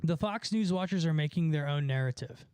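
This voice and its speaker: A man's voice: a little high, a little fast, darkish tone, clear, resonant tone, no echo. A young man casually chatting on a live stream, laughing a lot and swearing as he mocks someone. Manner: laughing, mocking, profane.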